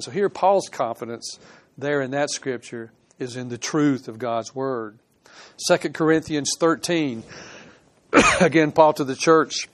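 A man preaching a sermon, reading scripture aloud and explaining it, swinging between emphatic rises and quiet conversational asides. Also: on the high side. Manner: earnest, reads scripture aloud with plain commentary. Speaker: pastor.

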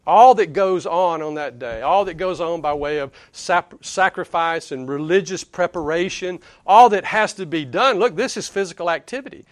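A man's voice: on the high side, normal speed, hardly any pauses, dry recording. A man with a Southern US accent preaching a sermon in a conversational, emphatic way, chuckling between points. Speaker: pastor.

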